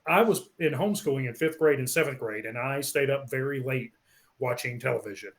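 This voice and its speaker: A man co-hosting a casual podcast, rambling through an album track by track with many pauses and fillers. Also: medium pitch. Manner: rambling, many ums, lists songs one by one. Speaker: podcast co-host. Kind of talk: casual album review chat.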